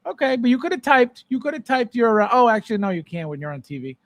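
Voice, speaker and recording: A man's voice: extremely high pitch, sing-song, fast talker, fairly bright tone, no room sound, studio quality. A man hosting a live collector show, ranting with exasperation and repeating himself as he answers chat. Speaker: podcast host. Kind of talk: live-stream chat with viewers.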